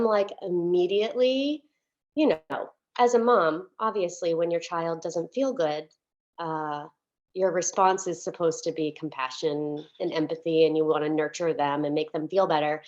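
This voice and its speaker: A woman's voice: on the low side, darkish tone. A woman minister giving a sermon as a candid, chatty personal story, with many fillers and restarts, at times close to tears. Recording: dull lo-fi recording.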